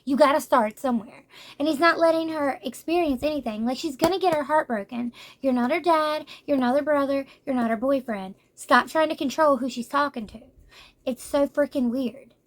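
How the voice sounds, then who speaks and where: Young woman ranting about a manga, high voice, lively and fed up. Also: moderate pace. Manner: animated, exasperated, slangy. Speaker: book reviewer. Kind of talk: casual manga review to camera.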